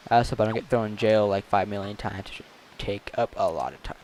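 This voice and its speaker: A man's voice: on the low side, fast talker. A man giving casual gameplay commentary, rambling with many fillers as he plays. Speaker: let's play gamer. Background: game music.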